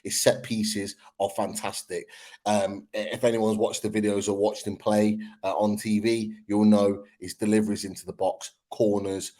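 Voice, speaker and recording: A man on a football fan podcast, laying out his points one by one in a measured, casual way with fillers. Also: fairly low pitch, flat delivery, mellow.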